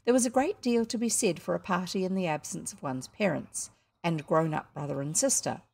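A woman's voice: lowish voice, a little fast, creaky, a little mellow. A woman with a New Zealand accent reading a children's story aloud, adding chatty asides to listeners. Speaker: audiobook reader.

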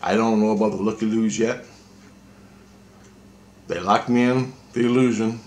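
A man's voice: fairly low pitch, steady tone, normal speed, a little mellow. A man vlogging a rambling, intense spiritual monologue, swearing freely.

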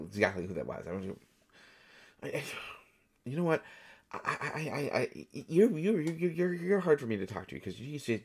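A man voicing a jittery, over-caffeinated male voice actor who stammers and repeats words nervously in an audio role-play. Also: medium pitch.

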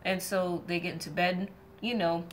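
A woman's voice: lowish voice, little pitch movement, normal speed, a little hiss or hum. A young woman streamer casually retelling a myth to her viewers, joking around and acting out the characters in playful voices. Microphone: streaming setup mic.

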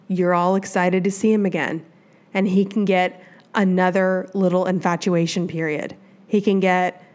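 A woman's voice: fairly low pitch, a little mellow. A woman from the Midwest hosting a solo advice podcast, talking in a chatty, rambling way with lots of asides. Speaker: podcast host.

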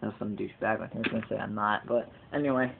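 Gravelly teenage boy on tinny webcam audio. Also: on the low side, steady tone, fast, a little hiss or hum. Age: teens. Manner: rambling, digressive, casually profane. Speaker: vlogger. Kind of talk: casual video blog.

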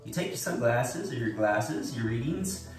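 A man's voice: medium pitch, expressive, normal speed, faint music behind. A man chatting casually to camera in a playful, joking, upbeat way. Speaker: vlogger. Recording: echoey room, mic at a distance.

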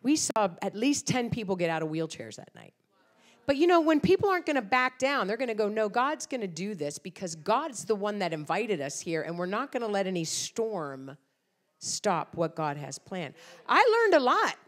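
Lively, animated woman preacher. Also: mid-range voice, normal speed. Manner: animated storytelling with acted-out quotes. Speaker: guest speaker. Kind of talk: sermon.

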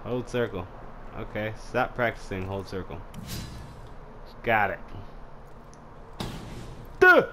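A young man casually commenting while playing a fighting game, trash-talking opponents and shouting battle cries. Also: fairly low pitch, fairly even intonation, a little slow, pauses often, slight background noise. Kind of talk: casual let's-play commentary.

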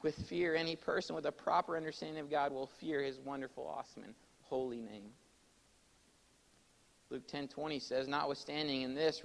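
A man preaching a sermon to his congregation in a church, swinging between loud, emphatic exhortation and quiet explanation, and calling for amens. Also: fairly high pitch, steady tone, normal speed, creaky, rough recording. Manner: addresses congregation directly, calls for amens. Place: church sanctuary.

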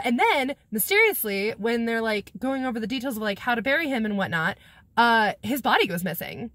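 A woman with a high voice that swoops up and down, recapping an old novel for her camera in a loose, rambling way. Her humor is sarcastic, and she giggles and swears casually. The sound is close and dry, with no room around it. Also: fairly bright tone, no echo. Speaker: book vlogger. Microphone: camera mic, talking to a camera viewfinder.

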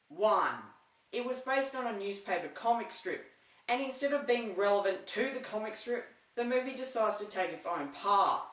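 A woman giving a comedic, opinionated movie review with sarcastic deadpan asides. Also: medium pitch. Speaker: film reviewer. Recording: roomy echo, distant from the mic.

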